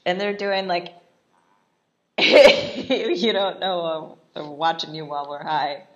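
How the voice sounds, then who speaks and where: A woman's voice: fairly low pitch, sing-song, takes it slowly, highs cut off, slight background noise. A woman casually commenting while she watches a movie, laughing often in a chatty, irreverent way. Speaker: vlogger reacting to a film.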